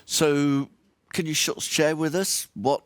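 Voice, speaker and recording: A man's voice: fairly high pitch, steady tone, slow pace, smooth, no room sound, studio quality. A man moderating a panel discussion, asking questions with many fillers. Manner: hedging, filler-heavy questions.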